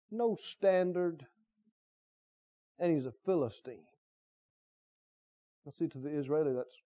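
A man's voice: high voice, mellow, dull audio. A male preacher delivering a sermon emphatically, firing rhetorical questions at his listeners.

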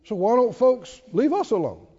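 A preacher delivering a dramatic call-and-response sermon in a church. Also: male voice, very high-pitched, very animated, normal speed, mellow, husky, long reverb tail, muffled recording.

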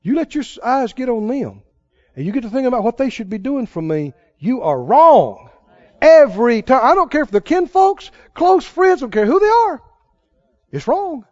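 A man preaching a sermon as pastor, fervent, with sudden bursts of loud praise. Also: very high voice, very animated, normal speed, no echo, dull audio.

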